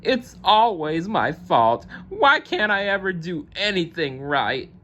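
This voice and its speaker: A man voicing a moody male moose in a read-aloud storybook, his voice pitched high and swinging between giggles and wails. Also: wildly swooping pitch, bright, forceful tone, dull audio, a little hiss or hum, exaggerated voice. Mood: sobbing. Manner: high, emotional, quick to wail or giggle.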